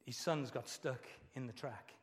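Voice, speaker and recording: A pastor with a mid-range voice preaches a sermon a little slowly in a reverberant hall. His preaching is earnest and emotional, with phrases repeated again and again.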